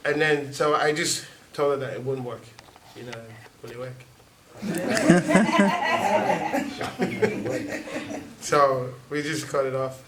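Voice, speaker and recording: A man's voice: mid-range voice, very slow, pauses often. Man telling a story in an echoey hall. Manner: chatty, laughs often, many "you know" fillers. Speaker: church member giving a testimony. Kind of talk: casual storytelling before an audience. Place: church hall with audience. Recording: echoey hall, distant mic, audience noise.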